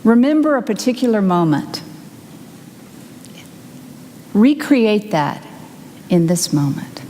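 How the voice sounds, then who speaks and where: A woman minister giving a sermon, upbeat and teasing, guiding listeners through a quiet reflection. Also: medium pitch, big pitch swings, unhurried, a little hiss or hum. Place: church sanctuary. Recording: long hall reverb, faint ambience.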